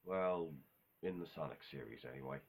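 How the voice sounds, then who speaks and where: A man's voice: very deep voice, brisk, creaky, darkish tone, husky. A man talking in a casual, unscripted monologue, rambling offhand with self-corrections and casual swearing. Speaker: video host ranking game villains.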